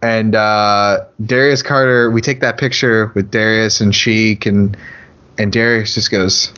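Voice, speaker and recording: A man's voice: lowish voice, steady tone, measured pace, sharp tone, muffled recording, a little hiss or hum. A man co-hosting a podcast, rambling through a road-trip story in a casual, profane chat. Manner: rambling, profane, laughs into lines. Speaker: podcast co-host.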